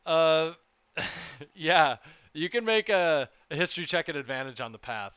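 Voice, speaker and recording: A man running a tabletop game as game master, his voice high, bright and clear. He speaks in a measured way with pauses. The sound is dull and dry, like a lo-fi home setup. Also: no room sound.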